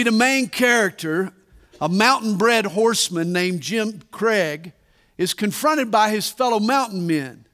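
A man preaching a sermon at a conference, deliberate and emphatic, with dramatic pauses. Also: high voice, a bit bright. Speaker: pastor. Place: large conference hall. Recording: reverberant conference hall.

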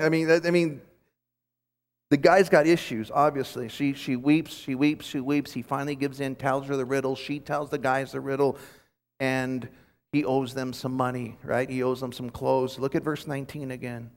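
A man teaching scripture at a conference, retelling a story with lively restarts and repeated words. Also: medium pitch, normal speed. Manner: animated storytelling with frequent restarts. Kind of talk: sermon. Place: conference hall. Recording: long hall reverb.

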